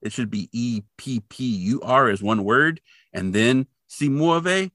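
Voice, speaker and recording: A man's voice: lowish voice, a little slow, bright, forceful tone, dry recording, studio quality. A man casually recapping a TV episode on a podcast, thinking aloud and second-guessing himself. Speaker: podcast co-host.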